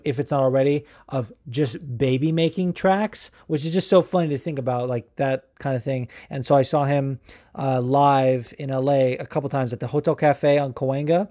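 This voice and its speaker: A man's voice: medium pitch, steady tone, normal speed, mellow. A man hosting a podcast, chatting casually in a rambling, profane way with lots of filler words. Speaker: podcast host. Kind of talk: casual chat.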